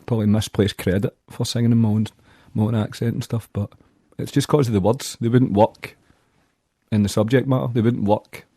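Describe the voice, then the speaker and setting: A man's voice: fairly low pitch, steady tone, fairly quick, dark tone, dry recording, clean studio sound. A man with a Glaswegian accent, talking bluntly and plainly as a musician in a casual interview. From Scotland. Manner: blunt, plainspoken, uses local slang. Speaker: musician guest.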